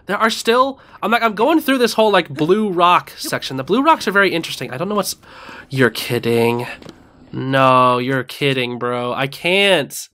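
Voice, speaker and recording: Lively, bright-voiced game commentator. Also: mid-range voice, moderate pace. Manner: excitable, reacts aloud and talks to enemies. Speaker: gaming channel host. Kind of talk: casual let's-play commentary.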